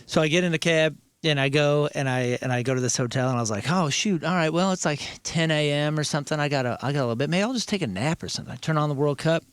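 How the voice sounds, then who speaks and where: A man's voice: fairly high pitch, fast talker, hardly any pauses, clear, resonant tone, no room sound. A man co-hosting a talk show, telling a long story in casual banter, stammering and acting out quotes. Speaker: radio show co-host.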